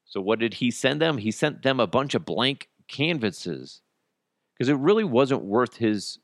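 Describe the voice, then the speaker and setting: A man in his thirties hosting a solo comedy podcast, ranting in an animated, self-mocking way and jumping into quick impressions. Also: mid-range voice, dry recording, clean studio sound. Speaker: podcast host.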